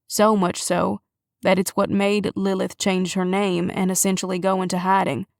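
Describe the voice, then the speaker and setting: A woman doing a steady, grave police chief. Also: mid-range voice, moderate pace, vocal fry, no room sound, studio quality, natural voice. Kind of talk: audiobook character reading.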